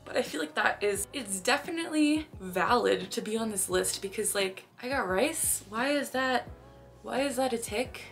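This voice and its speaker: A woman's voice: on the high side, moderate pace, creaky, fairly bright tone, soft background music. A young woman from Canada talking casually to camera in a vlog, chatty, with sudden phrases blurted out between sentences. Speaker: vlogger.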